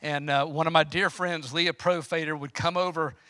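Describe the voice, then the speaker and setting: High bright-voiced preacher man. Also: steady tone, moderate pace, dry recording, clean studio sound. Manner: swings from quiet storytelling to loud impassioned preaching. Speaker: pastor. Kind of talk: sermon storytelling.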